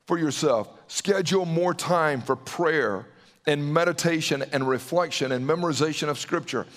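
A man with a Southern accent preaches a sermon in a fairly high voice for a man. He speaks earnestly and with emphasis, repeating words for effect and stumbling into quick restarts as he drives his points home. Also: fairly bright tone. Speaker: pastor.

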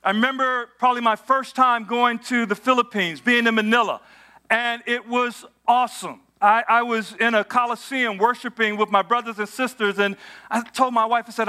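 A man's voice: extremely high pitch, fairly even intonation, moderate pace, smooth. A man preaching a sermon to a congregation, telling travel stories, asking the crowd questions and building to bursts of praise. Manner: storytelling with audience call-and-response, rising to shouts of praise. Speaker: pastor. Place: church auditorium with congregation.

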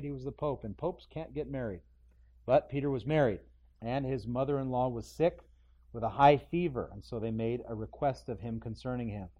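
A middle-aged man preaching an expository sermon, conversational, acting out quotes in sudden loud bursts. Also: medium pitch, muffled recording. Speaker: pastor.

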